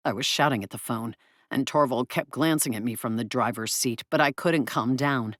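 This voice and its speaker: A woman narrating an audiobook in the first person, in an expressive, brisk way. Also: extremely low pitch, no echo, clean studio sound.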